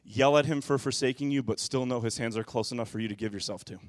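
A man preaching a sermon as pastor, moving from quiet, musing passages to loud, impassioned bursts. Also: medium pitch, fast talker, no echo.

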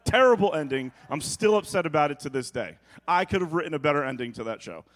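A middle-aged man from New York preaching with humorous storytelling, acting out quotes and sounds with quick jokey asides. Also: on the high side, animated, fairly bright tone. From New York, United States.

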